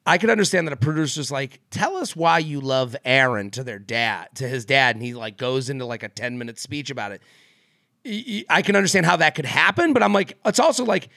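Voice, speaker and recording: Chatty podcast guy with a gravelly voice. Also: mid-range voice, lively intonation, fast talker, pushed and bright, no room sound, studio quality. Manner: rambling, many fillers and restarts, laughs often. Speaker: podcast co-host. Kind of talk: casual chat.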